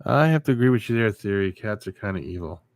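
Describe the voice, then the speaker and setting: A man's voice: lowish voice, animated, fast, dry recording, clean studio sound. A man hosting a casual livestream, answering viewers and rambling through a story. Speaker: livestream host.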